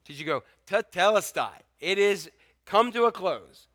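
Bright-voiced preaching pastor, man. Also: high-pitched, expressive, normal speed, no echo, studio quality. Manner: swings from loud urgent preaching to hushed intimate tones; repetitive emphatic exhortation. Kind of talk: sermon.

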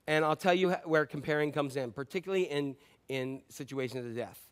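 A little high and a little fast, this middle-aged pastor's voice carries a sermon built on conversational storytelling. He swings between loud emphasis and softly spoken asides.

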